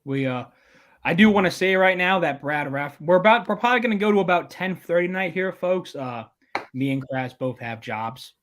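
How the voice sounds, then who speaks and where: A man's voice: high-pitched, lively intonation, normal speed, fairly bright tone. A young man co-hosting an election-night stream in casual, rambling, joking chat. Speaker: livestream co-host.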